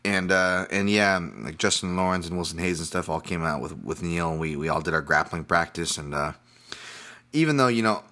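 A man's voice: sits low, brisk, pushed and bright. A middle-aged man hosting a podcast, talking casually about fights and betting odds while hiccuping, in a rambling, self-deprecating way with frequent restarts. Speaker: podcast host. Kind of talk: casual sports betting talk.

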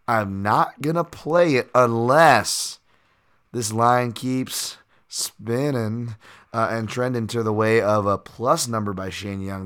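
Lowish-voiced man rambling through picks. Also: a bit bright. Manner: rambling, filler-heavy, occasional profanity. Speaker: podcast host and fight analyst. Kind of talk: casual betting breakdown monologue.

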